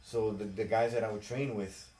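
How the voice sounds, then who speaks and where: A man in his forties, a podcast host, telling stories in casual, profane, animated chat. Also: lowish voice, moderate pace. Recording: roomy echo.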